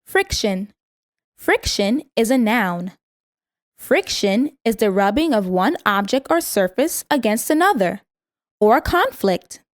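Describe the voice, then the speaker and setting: A woman's voice: fairly high pitch, big pitch swings, no echo, studio quality. Woman reading out vocabulary words. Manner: measured, says each word twice for repetition. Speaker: vocabulary instructor. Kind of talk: scripted vocabulary lesson.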